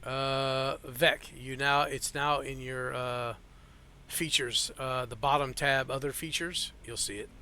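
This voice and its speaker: A man narrating as game master, with a bright, clear tone and a middling pitch. He talks in a loose, halting way and leans on fillers as he describes the scene over an online call. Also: fairly even intonation, slight background noise.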